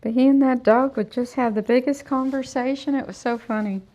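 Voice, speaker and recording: In her grooming salon, this middle-aged woman livestreams as she works on a dog, reassuring it and telling tales along the way. Her voice sits high and mellow, with a steady tone and a brisk pace.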